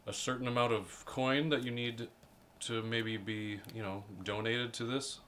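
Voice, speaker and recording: A man's voice: medium pitch, fairly even intonation, measured pace, a bit bright, slight background noise. A man playing a tabletop game, speaking in an easygoing, hesitant way. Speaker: player. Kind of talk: casual tabletop play.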